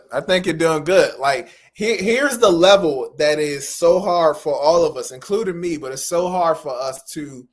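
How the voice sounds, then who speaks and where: Slightly high-voiced man coaching interpreters. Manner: explanatory, encouraging, repeats key phrases. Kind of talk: live-stream feedback lesson.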